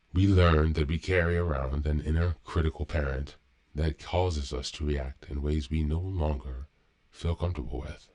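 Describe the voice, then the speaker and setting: Very deep-voiced man reading calmly. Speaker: podcast host. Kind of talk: reading a daily meditation and reflection.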